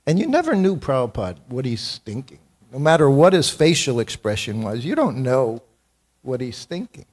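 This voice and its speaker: A man's voice: mid-range voice, very animated, moderate pace, a little mellow. A man in his seventies giving a morning temple class, telling personal stories in an anecdotal, self-deprecating way and chuckling often. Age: 70s. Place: temple hall.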